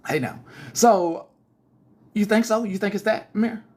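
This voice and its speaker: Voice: medium pitch, measured pace, darkish tone. A pastor hosting a casual livestream news show, talking to viewers in chat in a chatty, hesitant way with many fillers.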